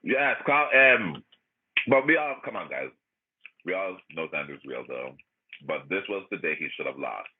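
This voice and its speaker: Animated, sassy man on a tinny line. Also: deep voice, normal speed, slight background noise. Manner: animated, profane, laughing, sassy. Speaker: livestream host. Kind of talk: casual chat, ranting. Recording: tinny phone-like audio.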